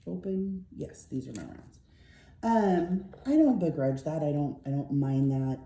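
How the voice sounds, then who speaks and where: A middle-aged woman vlogger with a low, dark voice tells a rambling story while she crafts. She sounds animated yet tired, yawning and speaking a little slowly, with plenty of fillers, and the recording has a roomy quality.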